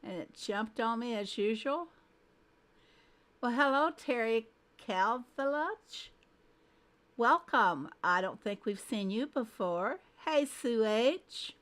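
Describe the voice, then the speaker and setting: A woman takes her time as she hosts a casual game livestream, her voice fairly high, animated, and fairly bright. One by one she greets viewers by name, thinking aloud as she fiddles with her screen settings.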